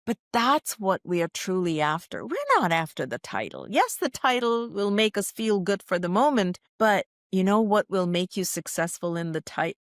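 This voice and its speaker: A woman guest on a podcast, answering calmly and emphatically, slowing down to stress key phrases. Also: mid-range voice, dry recording, clean studio sound. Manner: calm, emphatic, teacherly, with slow stressed phrases. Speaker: podcast guest, leadership speaker. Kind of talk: reflective interview answers.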